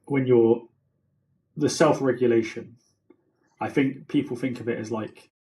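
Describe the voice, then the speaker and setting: A man's voice: mid-range voice, fairly even intonation, unhurried, warm tone, a little hiss or hum. A man co-hosting a podcast, chatting casually and rambling through stories with many restarts. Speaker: podcast co-host. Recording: roomy echo.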